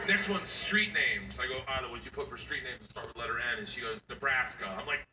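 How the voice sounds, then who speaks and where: A man's voice: medium pitch, brisk, few pauses. A middle-aged man doing stand-up, acting out his daughters' voices as he tells the story. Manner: animated, acts out his daughters in quoted voices. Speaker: stand-up comedian. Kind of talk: stand-up set before a live audience. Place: comedy venue. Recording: echoey venue, distant mic, audience noise.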